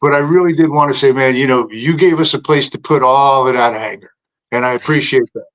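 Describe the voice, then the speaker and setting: A man calling in to a talk show, earnest and halting, thanking the host. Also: medium pitch, a bit bright, rough recording. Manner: halting, many fillers and restarts, earnest. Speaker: caller. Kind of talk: phone-in chat.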